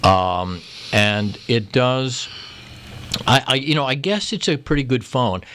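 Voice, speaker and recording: A man's voice: mid-range voice, lively intonation, slow, fairly bright tone, a little hiss or hum. A male radio guest who tells wry, meandering comic stories about himself, with many restarts. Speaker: guest humorist. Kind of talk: rambling comic chat.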